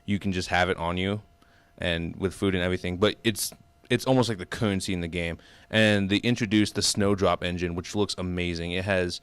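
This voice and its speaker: A man's voice: low-pitched, steady tone, fairly quick, fairly bright tone, clear, resonant tone, dry recording. A man co-hosting a casual gaming news chat, talking eagerly with lots of "like" and "um". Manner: chatty, enthusiastic, many fillers like "like" and "um". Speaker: co-host of a gaming news show.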